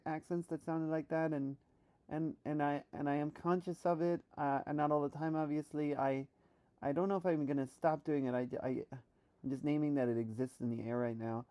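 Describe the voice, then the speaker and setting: A woman from New York thinking aloud in a reflective solo monologue, halting with many restarts while she practices a trained voice. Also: deep voice, mellow. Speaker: vlogger.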